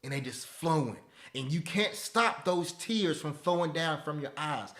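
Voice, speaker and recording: A man in his thirties leads a live online class in an animated, preachy manner, repeating his phrases and checking in with "okay?". His voice sits a little high for a man and sounds bright and forceful. He talks into a webcam mic. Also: unhurried. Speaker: webinar host teaching stock options. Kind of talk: live webinar talk, motivational.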